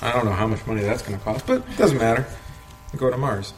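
A man leads an informal Bible study in a mid-range, animated voice, talking fast and conversationally. He asks rhetorical questions and chuckles often. The room has a roomy echo and faint background noise.

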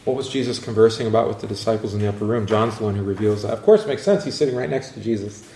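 A man's voice: on the low side, racing, reverberant, a little hiss or hum. Man teaching a Bible class, full of questions. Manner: rambling, asks the class questions, animated when quoting scripture.

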